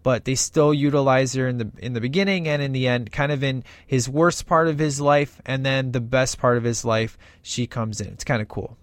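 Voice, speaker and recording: A man's voice: mid-range voice, normal speed, hardly any pauses, no room sound. Enthusiastic rambling man, dry sound. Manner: enthusiastic and rambling, acting out quoted lines. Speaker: movie reviewer. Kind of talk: casual movie commentary.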